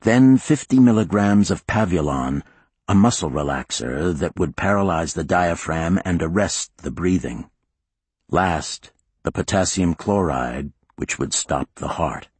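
A man narrating a thriller audiobook in a measured, grave storytelling manner. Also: deep voice, expressive, a little mellow, breathy edge, no echo.

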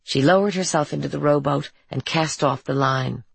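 A woman narrating an audiobook in a steady, even storytelling manner. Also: low voice, moderate pace, creaky, breathy edge, no echo, poor audio. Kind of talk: scripted narration.

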